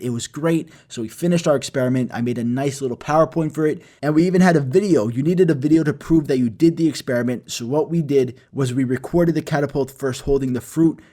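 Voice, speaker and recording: A young man telling a comedic story from his school days, excitable and heavy with swearing. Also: medium pitch. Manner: profane, excitable, self-mocking.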